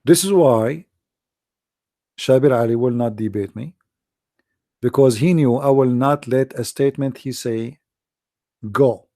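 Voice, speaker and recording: A hoarse man talks through a loose, rambling commentary full of "uh" and "you know". His voice is gravelly and dark. The recording is dry, with no room sound. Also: mid-range voice, measured pace, pauses often, no room sound. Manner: animated, repetitive, many fillers and restarts. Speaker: debate show host. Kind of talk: casual commentary monologue.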